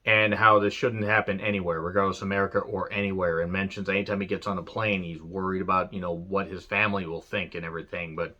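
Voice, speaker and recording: A man's voice: low voice, little pitch movement, fast, few pauses, pushed and bright, muffled recording. A man reviewing an old wrestling show in a casual, rambling rant, earnest and full of fillers.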